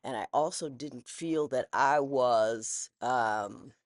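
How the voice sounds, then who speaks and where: This is a woman, once a judge, reflecting on her life in an extremely low, slow voice. Her monologue is casual and frank, wandering and restarting, with a folksy way of putting things. Studio-quality sound, no echo.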